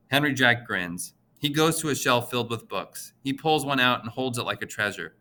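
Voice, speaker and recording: A man reading a children's novel aloud as the audiobook narrator, in an even storytelling manner. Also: mid-range voice, normal speed, hardly any pauses.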